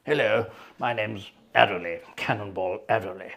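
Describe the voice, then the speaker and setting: A stiff, pompous army major introducing himself with great formality, as a livestream host puts him on. The delivery is clipped and self-important. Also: male voice, on the low side, moderate pace, gravelly, a bit bright. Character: pompous British army major, adult man.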